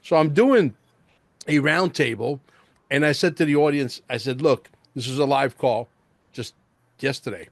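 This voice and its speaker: A male host in casual interview chat, excitable and rambling, peppering his talk with "bro" and "like". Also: mid-range voice, normal speed, pauses often, no echo.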